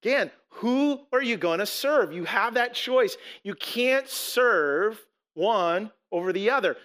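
A man's voice: high-pitched, a bit bright. A man preaching a sermon as a pastor, emphatic, asking rhetorical questions and repeating words as he restarts.

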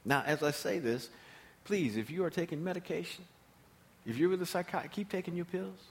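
A man's voice: sits high, brisk. A man preaching a sermon as pastor, emphatic and repeating his key phrases.

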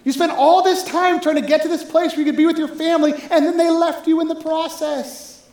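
A pastor preaching a sermon in a relaxed, conversational way, often checking in with the listeners. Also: extremely high pitch, brisk, reverberant, rough recording.

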